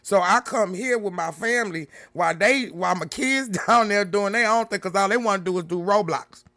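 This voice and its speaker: A woman's voice: mid-range voice, fairly quick, a bit bright. A chatty woman hosts a casual livestream from her home, talking straight to her viewers and calling them baby and honey. Her voice sounds close and dry, with no room echo. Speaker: livestream host.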